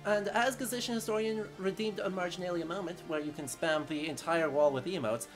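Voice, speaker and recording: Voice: mid-range voice, fairly quick, soft background music. A live-stream co-host chatting casually, plugging the channel and recapping a game's story in an upbeat way. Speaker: co-host of a history gaming stream.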